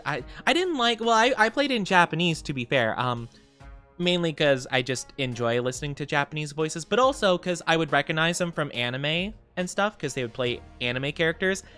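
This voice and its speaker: A man's voice: on the high side, sharp tone, clean tone. A man streaming and chatting casually with viewers, playful and giggly, rambling freely. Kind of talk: casual live-stream chat.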